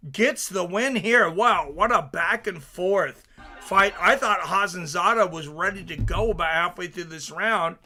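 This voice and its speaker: Guy hosting a fight stream, a bit high, crisp bright voice, hypes up finishes and reads chat. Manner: excitable, chatty, reads viewer comments aloud. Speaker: watch-along stream host. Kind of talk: casual live fight commentary.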